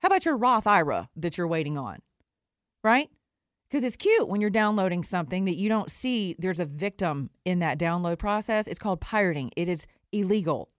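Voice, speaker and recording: Animated woman ranting on a podcast. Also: on the low side, moderate pace, dry recording, clean studio sound. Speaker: podcast host and recording artist. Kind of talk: opinion podcast monologue.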